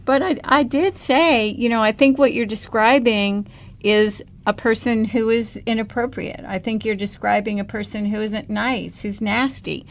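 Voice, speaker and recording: Gravelly-voiced outspoken American woman. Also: on the high side, fairly even intonation, normal speed. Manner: earnest and outspoken. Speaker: podcast co-host. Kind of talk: casual discussion.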